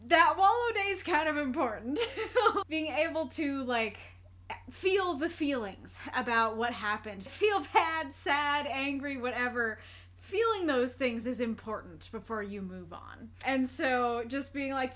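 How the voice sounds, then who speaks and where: High-voiced woman thinking out loud. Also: lively intonation, measured pace. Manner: thoughtful, earnest, laughs often, loops back over her thoughts. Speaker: reaction video creator. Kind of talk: casual spoken commentary.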